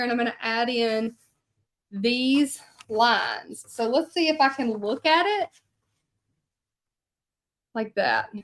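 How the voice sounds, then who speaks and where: A woman chatting casually to live viewers in her home craft studio as she hand-letters a sign, rambling from story to task. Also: a little high. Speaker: hand-lettering artist and channel host. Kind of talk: casual livestream chat while painting.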